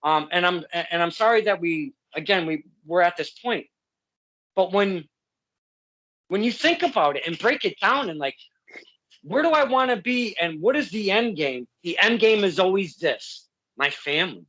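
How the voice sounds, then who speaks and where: A man's voice: high voice, expressive, moderate pace, fairly bright tone, dull audio. A man hosting a casual interview, effusive and heartfelt, rambling with many restarts. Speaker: podcast host.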